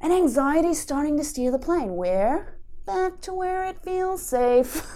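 A woman giving an emotional-wellness talk, telling lively, playful stories. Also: high-pitched, a little slow.

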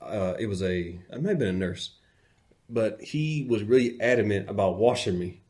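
A man's voice: on the low side, moderate pace. A man co-hosting a podcast, telling stories in casual chat and acting out the people he quotes. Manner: animated storyteller, quotes people in acted voices. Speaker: podcast co-host.

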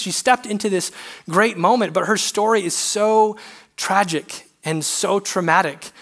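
A man's voice: high voice, fairly bright tone. Earnest, emotional man preaching. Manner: earnest, halting, emotional storytelling. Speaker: young adults pastor. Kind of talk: sermon with personal story.

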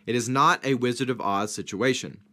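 A man leading a Bible study discussion. He teaches in a structured way, lays out numbered points and rhetorical questions, and leans hard on key words. His voice sits at a middle pitch. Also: a little fast, bright, forceful tone.

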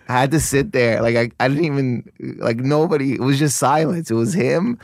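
A man's voice: mid-range voice, moderate pace, creaky, hardly any pauses, darkish tone, no room sound. A man comedian from Canada, telling a rambling, laid-back story in a podcast studio. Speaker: comedian guest. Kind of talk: casual chat.

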